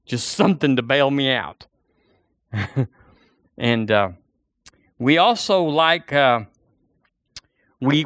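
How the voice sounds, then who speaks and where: A man's voice: medium pitch, a bit bright, dry recording, clean studio sound. A man preaching a sermon as pastor, folksy and storytelling, acting out the voices of the people in his stories.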